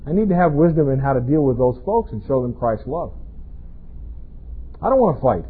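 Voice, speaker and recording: A man's voice: medium pitch, animated, brisk, slightly rough. A pastor preaching a sermon in a conversational way, often asking his congregation rhetorical questions. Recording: tinny, phone-like band-limited sound.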